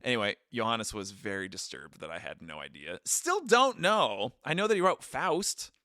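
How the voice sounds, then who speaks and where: A man's voice: mid-range voice, big pitch swings, normal speed, sharp tone, no room sound, studio quality. A young man co-hosting a podcast, telling a travel story in casual chat with goofy impressions and a read-from-notes stretch. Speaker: podcast co-host.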